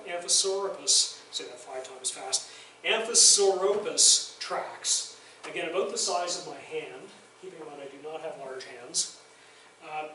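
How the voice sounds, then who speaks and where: A man's voice: on the high side, fairly bright tone, a little hiss or hum. A man giving a public lecture in a university lounge, telling chatty, self-deprecating stories about his filmmaking. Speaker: guest lecturer and documentary filmmaker. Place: university faculty lounge, indoors. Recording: very echoey room, voice far from mic.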